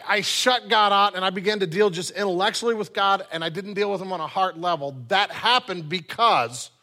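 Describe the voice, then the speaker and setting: Bright-voiced earnest male pastor preaching. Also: high voice. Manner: earnest, repeats phrases for emphasis. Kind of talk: sermon.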